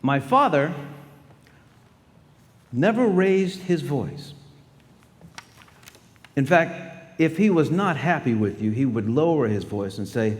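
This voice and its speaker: A man's voice: on the high side, expressive, takes it slowly, pauses often. A man in his sixties giving a storytelling speech to students in a large school hall, acting out the voices of people in his stories. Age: 60s. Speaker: guest speaker. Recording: long hall reverb.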